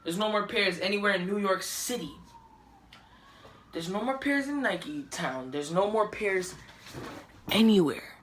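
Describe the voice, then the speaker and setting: A woman's voice: mid-range voice, lively intonation, unhurried, long pauses, roomy sound, a little hiss or hum. A woman ranting to camera in a frustrated, profane way, filmed on a phone on a selfie stick. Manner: profane, frustrated, rising to shouting. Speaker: vlogger. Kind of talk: angry rant to camera.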